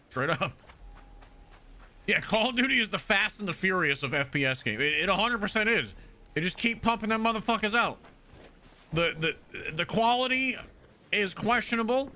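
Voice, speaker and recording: A man streaming a game live, chatting casually with heavy swearing and stammered restarts. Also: fairly high pitch. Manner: profane, animated, frequent stammering restarts. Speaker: gaming streamer. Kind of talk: casual live-stream chat while playing.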